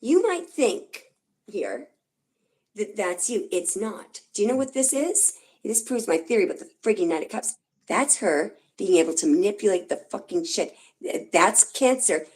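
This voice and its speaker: Animated woman reading tarot live. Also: mid-range voice, moderate pace. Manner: animated, emphatic, swears. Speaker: tarot reader.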